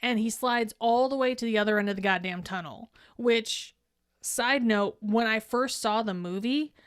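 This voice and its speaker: A woman's voice: a little high, moderate pace, clean tone, no room sound, clean studio sound. A woman co-hosting a podcast in casual, profane, laughing chat. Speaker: podcast co-host.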